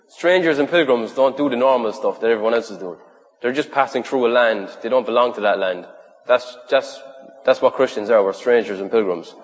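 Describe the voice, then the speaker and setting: A man's voice: medium pitch, moderate pace. A man preaching a sermon to a youth group, earnest and conversational, with long lists and rhetorical questions. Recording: reverberant hall.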